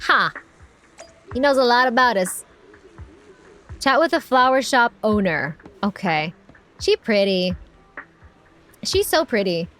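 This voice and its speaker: A woman's voice: on the high side, very animated, slow pace, pauses often, fairly bright tone, soft background music. A young woman with a Hispanic accent, giving chatty, giggly commentary while streaming a game. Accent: Hispanic American English. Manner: chatty, giggly, reacts aloud.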